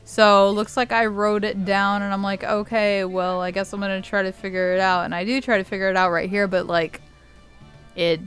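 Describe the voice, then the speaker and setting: A woman's voice: mid-range voice, normal speed, fairly bright tone, faint music behind. A young woman giving casual, rambling video game commentary, laughing often and swearing freely. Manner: giggly, rambling, swears a lot. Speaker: gaming YouTuber.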